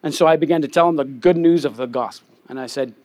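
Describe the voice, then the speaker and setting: A man's voice: a little high, fast talker, darkish tone. A young adult man, a pastor, preaching a conversational sermon and telling candid personal stories.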